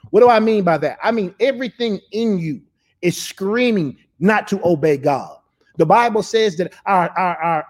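High-pitched guy pastor preaching online, repeats himself, builds it up. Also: slightly rough. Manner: preaching with rising emphasis and repetition. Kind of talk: sermon.

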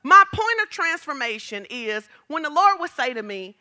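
A woman's voice: moderate pace, few pauses. A woman pastor preaching a sermon, telling stories and acting out quotes with big jumps in her voice. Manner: animated storytelling, acts out quotes with big pitch jumps.

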